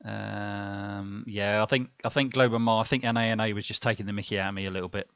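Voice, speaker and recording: A man's voice: fairly low pitch, steady tone, quick pace, a bit bright, smooth, no room sound, highs cut off. A man hosting a casual live stream, rambling along with many fillers and restarts.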